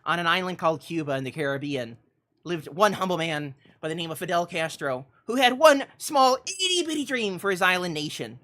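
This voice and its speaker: Her voice lowish, a game streamer dramatizes a mock-epic tale, alternating loud declarations with quiet asides. Laughter breaks in frequently as she performs.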